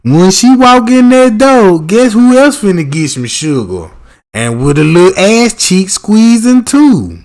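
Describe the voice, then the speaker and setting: A man, talking loosely into his livestream in a somewhat high voice. He rambles, swears freely and keeps checking that his listeners follow him. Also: big pitch swings, unhurried, a little mellow. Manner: loose, profane, keeps asking "you know what I'm talking about". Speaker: livestream host. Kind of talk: casual livestream commentary.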